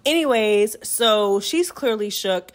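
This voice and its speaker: A woman's voice: medium pitch, slow pace. Chatty woman retelling a movie. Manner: chatty, animated storytelling with acted-out quotes. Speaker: movie recap YouTuber. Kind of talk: casual movie recap.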